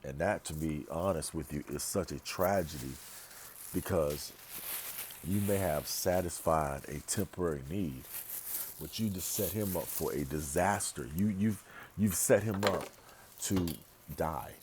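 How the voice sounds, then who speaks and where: A man's voice: deep voice, measured pace, a little mellow, slight background noise. A man vlogging in a casual monologue, emphatic and rambling, repeating phrases for stress. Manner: rambling, with restarts and asides. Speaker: pastor and vlogger.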